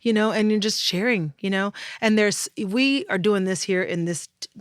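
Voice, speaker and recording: Lively woman telling stories, dry close sound. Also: medium pitch, normal speed, smooth, dry recording. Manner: lively storyteller, acts out voices and laughs often. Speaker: interior design guest. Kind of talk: casual interview chat.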